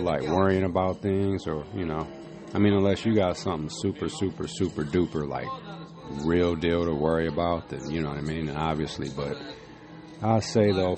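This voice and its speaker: Low-voiced laid-back man vlogging. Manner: laid-back, rambling, full of fillers. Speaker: vlog host. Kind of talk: casual chat. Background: music playing.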